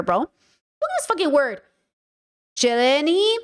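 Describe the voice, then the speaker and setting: An American woman hosting a livestream in a loose, joking way. Her voice sits a touch higher than most women's, and she swears freely and repeats herself for emphasis. The talk is relaxed and rambling. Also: unhurried, long pauses. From United States. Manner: playful, swearing, chatty, repeats words for emphasis. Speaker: host. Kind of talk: casual livestream chat.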